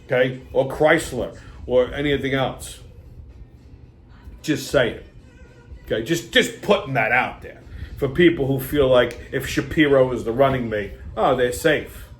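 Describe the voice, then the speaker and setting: A male host delivering a blunt, profane rant, often pausing to ask "okay?". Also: mid-range voice, faint music behind. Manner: blunt, swearing, repeats "okay?".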